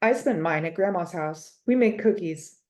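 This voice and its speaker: A woman reading a storybook aloud and voicing a loud, excited young schoolboy. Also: on the low side, normal speed, lightly acted. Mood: eager. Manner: loud, eager.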